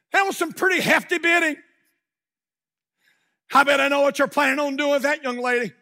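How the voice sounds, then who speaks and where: A pastor with a strikingly high, bright voice. He tells a story from the pulpit with dramatic swings, dropping to a hush and then rising to shouts. His preaching moves into heartfelt prayer. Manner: dramatic preaching with sudden hushed drops and shouted peaks. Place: church pulpit.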